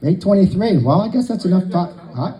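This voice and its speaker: A man's voice: sits high, animated, a little fast, warm tone, poor audio. A man telling long jokes to a live crowd, a folksy storyteller who acts out the dialogue.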